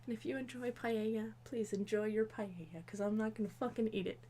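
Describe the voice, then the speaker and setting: A woman's voice: on the high side, steady tone, a little fast, warm tone, a little hiss or hum. Rambling, profane woman in her twenties. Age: 20s. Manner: rambling, profane, exasperated storytelling. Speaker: comedy video host. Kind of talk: tipsy comedic movie recap.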